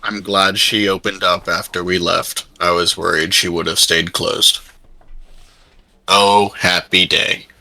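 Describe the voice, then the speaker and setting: A man's voice: low voice, level tone, slow pace, gravelly, bright, forceful tone, no echo. A man playing a tabletop game, making dry, mildly formal remarks over an online call. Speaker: player.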